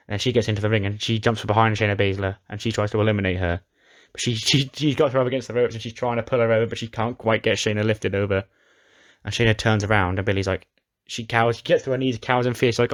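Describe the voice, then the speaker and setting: A man's voice: on the low side, fairly even intonation, fast. A man casually recapping a wrestling simulation game, chatty and often restarting his sentences. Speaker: game commentator.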